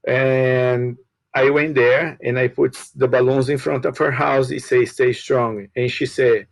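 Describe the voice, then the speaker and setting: A balloon shop owner and guest, telling a casual story in halting with grammar and repeated words. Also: male voice, mid-range voice, steady tone, gravelly, no room sound, low-quality recording. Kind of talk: casual storytelling on a live show.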